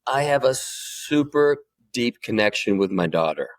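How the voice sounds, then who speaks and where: A man's voice: medium pitch, lively intonation, unhurried. A man in his forties, a podcast guest, telling a candid personal story and swearing freely as he grows emotional. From United States.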